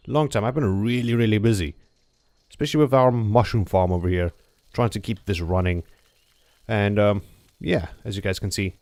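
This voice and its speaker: A man's voice: lowish voice, a little mellow, no echo. A man hosting a gameplay video, explaining his building plans step by step in a chatty, joking way. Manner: chatty, jokey, explains step by step with frequent "okay?". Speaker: gameplay channel host. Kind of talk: casual gameplay commentary.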